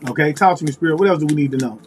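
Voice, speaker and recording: A man giving a casual tarot reading to viewers, talking in a musing, repetitive way and pausing to call on spirit. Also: on the high side, slight background noise. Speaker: tarot reader.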